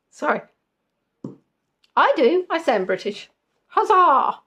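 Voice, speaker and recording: A woman's voice: mid-range voice, animated, slow. A woman hosting a live-stream quiz in a casual chat, giggly and jokey with rambling asides. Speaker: quiz host.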